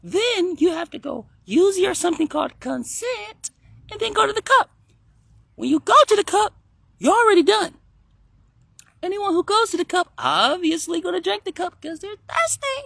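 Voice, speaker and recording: A squeaky excited child. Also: male voice, normal speed, creaky, dry recording, heavily acted. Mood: eager. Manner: breathless, sing-song and eager. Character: excitable little child preacher.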